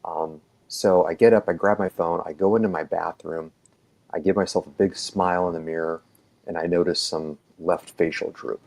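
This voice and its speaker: A man with a deep, steady, creaky, slightly mellow voice speaks at a moderate pace. An EMT, he casually tells a long personal story on a podcast, rambling with many "um"s and restarts and acting out what people said.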